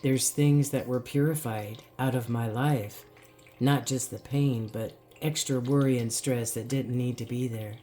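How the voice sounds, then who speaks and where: A woman's voice: a bass voice, fairly even intonation, unhurried, mellow, a little hiss or hum. A woman giving an encouraging spoken card reading, talking straight to her viewers and often checking in with "all right?". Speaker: spiritual card reader.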